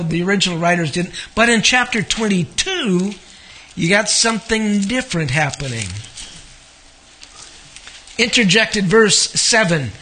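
Male preacher, high pitch, bright tone, casual teaching style that quizzes the room. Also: husky. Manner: conversational, asks the audience questions. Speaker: Bible teacher. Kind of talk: Bible study sermon.

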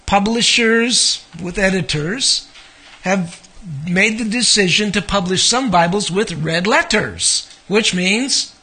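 Male preacher, high pitch, bright tone, casual teaching style that quizzes the room. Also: takes it slowly, husky. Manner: conversational, asks the audience questions. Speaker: Bible teacher. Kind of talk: Bible study sermon.

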